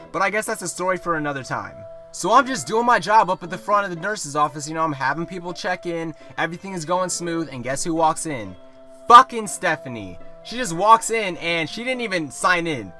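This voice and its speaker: A young man telling a storytime vlog, animated and swearing a lot. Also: fairly high pitch. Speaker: vlogger.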